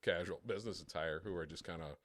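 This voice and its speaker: A man co-hosting a podcast, telling a crude, profane story with plenty of swearing and quick imitations of other people. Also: sits low, a bit bright, no echo. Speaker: podcast co-host. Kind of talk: casual storytelling chat.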